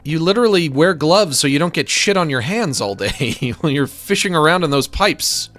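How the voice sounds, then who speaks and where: A man's voice: a little high, lively intonation, normal speed, few pauses, fairly bright tone, soft background music. A man giving casual, rambling commentary while drawing, joking and swearing freely. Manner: rambling, jokey, profane. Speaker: streamer.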